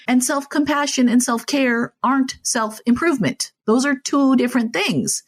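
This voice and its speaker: A woman's voice: high-pitched, moderate pace, few pauses. A woman speaking as a podcast guest and clinical social worker, talking in an earnest, reassuring, conversational way. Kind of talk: podcast interview.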